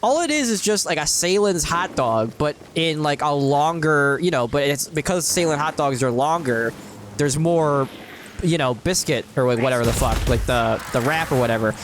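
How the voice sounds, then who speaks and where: Brief: male podcast co-host, cursing and rambling, voice high and all over the place, recorded with noise behind. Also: lively intonation, moderate pace. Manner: profane, rambling storytelling. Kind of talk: casual chat while gaming.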